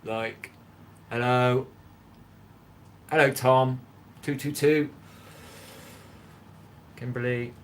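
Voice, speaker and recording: A man's voice: medium pitch, steady tone, drawn-out words, long pauses. A middle-aged man from England with a Bristol accent, chatting with viewers on a live cooking stream in his home kitchen and reading out their messages. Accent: Bristol English. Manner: chatty, greets viewers by name, reads out chat.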